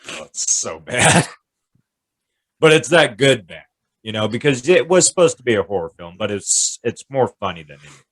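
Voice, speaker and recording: A man's voice: medium pitch, very animated, moderate pace, a bit bright, no echo. A man in a casual chat, laid-back and agreeable, swearing now and then and sounding tipsy. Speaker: podcast co-host.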